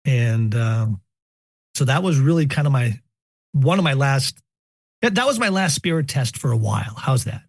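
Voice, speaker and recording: A man casually telling personal paranormal stories, animated and joking, often repeating words as he goes. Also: mid-range voice, moderate pace, dry recording, clean studio sound. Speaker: podcast guest telling paranormal experiences. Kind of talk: casual storytelling.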